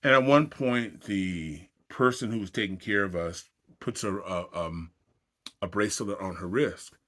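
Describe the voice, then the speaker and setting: A man's voice: sits low, unhurried, fairly bright tone. A middle-aged man telling his own dating stories in a wry, self-deprecating, conversational way. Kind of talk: casual storytelling to camera.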